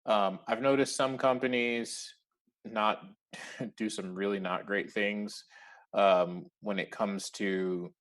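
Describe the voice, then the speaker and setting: A man's voice: fairly low pitch, steady tone, slow, a bit bright. Chatty man, laughing often. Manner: chatty, laughs often, acts out remembered dialogue. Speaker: podcast guest. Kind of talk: casual interview conversation.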